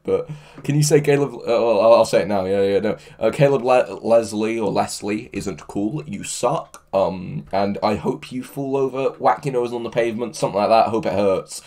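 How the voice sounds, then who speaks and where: A man chatting casually on a livestream, excitable, laughing often and swearing a lot. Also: fairly low pitch, normal speed. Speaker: livestreamer reading chat.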